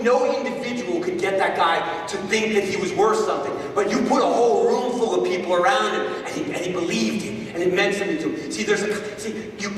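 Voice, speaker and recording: A man giving an animated talk to a live audience, telling a story and repeating words, in an echoey hall heard from far off. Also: high-pitched, a little hiss or hum. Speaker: guest speaker.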